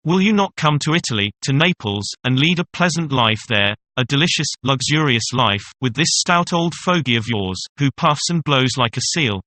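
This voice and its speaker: A man's voice: mid-range voice, expressive, moderate pace, hardly any pauses, pushed and bright. A man reading a doting middle-aged cashier. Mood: pleading. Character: fifty-year-old man, doting cashier. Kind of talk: audiobook reading.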